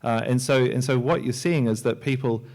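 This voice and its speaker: A man, a software entrepreneur and filmmaker, giving a loose, joking talk on a library panel, with many restarts and fillers. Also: mid-range voice, fairly even intonation, moderate pace. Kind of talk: conference talk. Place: lecture hall at a library.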